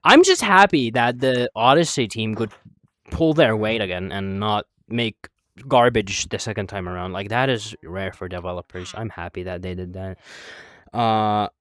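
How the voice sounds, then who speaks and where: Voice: medium pitch, normal speed, fairly bright tone, dry recording, studio quality. A young adult streamer chatting casually while playing a VR game, rambling, swearing and answering chat, a bit out of breath.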